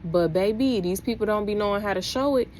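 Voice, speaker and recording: An animated young woman, vlogging straight to camera about faith. She talks like she's preaching to friends, and her voice jumps way up whenever she gets fired up. A faint hiss of noise runs under her voice. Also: medium pitch, brisk. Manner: animated, preachy, rising to exclaim. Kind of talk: casual vlog, talking to camera.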